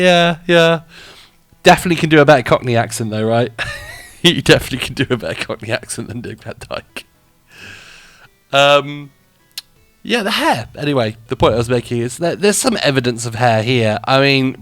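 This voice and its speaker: A man's voice: medium pitch, fairly bright tone, dry recording. A man hosting a live show in a rambling, chatty way, laughing often as he reacts to what he sees and reads out. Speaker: radio show host and streamer. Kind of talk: casual live-stream chat.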